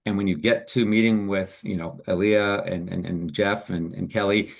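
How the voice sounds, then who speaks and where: A man's voice: sits low, fairly even intonation, moderate pace, vocal fry. A man presenting as a financial advisor in a webinar, explaining options in an earnest, upbeat way.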